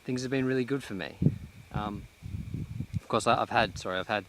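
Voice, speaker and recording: A man vlogging outdoors in a cleared pine forest, talking in a reflective, halting way with many restarts, a little out of breath. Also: medium pitch, noisy background. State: slightly out of breath. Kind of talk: casual vlog monologue. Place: outdoors in a cut-down pine plantation.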